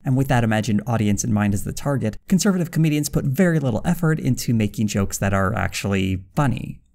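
Man, scripted commentary, dry and critical, gravelly fry. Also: mid-range voice, lively intonation, fast, darkish tone. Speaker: video essayist.

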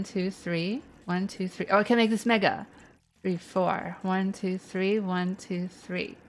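A woman hosts a live game stream, voicing the dialogue as she goes and dropping chatty, self-mocking asides between the lines. Her voice sits at an ordinary middle pitch. Soft music plays faintly underneath.

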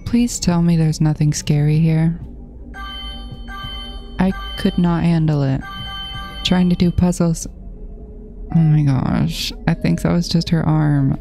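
Gravelly, slow-talking woman gamer. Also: low-pitched, steady tone, mellow, faint music behind. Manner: jittery, muttering to herself, repeats herself nervously. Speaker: gaming channel host. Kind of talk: horror game playthrough commentary.

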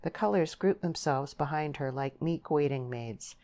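A woman with a notably low voice narrating a classic novel. Her reading is measured and literary, with steady scripted narration. It is a calm audiobook performance.

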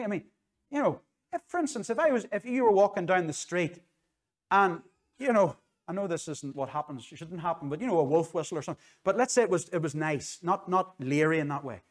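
Earnest Northern Irish preacher, raised pitch. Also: male voice. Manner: earnest, conversational, repeats phrases for emphasis. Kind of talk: sermon with altar call. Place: church.

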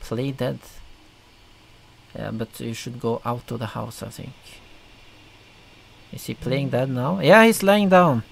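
Creaky-voiced man reacting to videos. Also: mid-range voice, flat delivery, takes it slowly, long pauses, a little mellow, slight background noise. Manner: rambling, filler-heavy, chuckling. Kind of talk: casual commentary reacting to videos.

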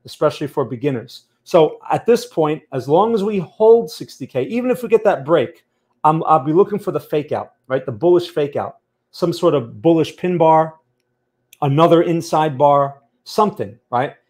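A man's voice: on the high side, lively intonation, normal speed, darkish tone. Man hosting a live trading stream. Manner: conversational, keeps checking in with "okay?" and "right?". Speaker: trading channel host. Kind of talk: live-stream market analysis, reading chat.

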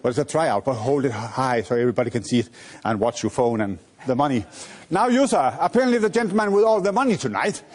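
A man's voice: mid-range voice, expressive, fast, a little mellow. Playful man doing a pickpocket stage act. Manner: playful, teasing, coaxing audience volunteers. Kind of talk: live stage patter with volunteers.

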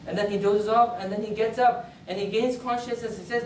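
A man's voice: sits high, fairly even intonation, a little fast, darkish tone, a little hiss or hum. A man giving a Friday sermon as a story, in an earnest tone, repeating phrases and lifting his voice for quoted words. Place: mosque prayer hall. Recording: echoey hall, voice from a distance.

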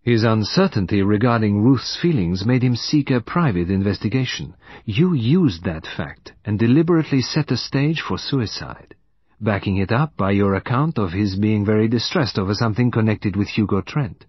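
A man voicing a calm, gentle elderly detective laying out his deductions in an audiobook. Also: on the low side, slightly rough, no room sound. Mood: calm accusing. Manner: gentle, measured. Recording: dull dry recording.

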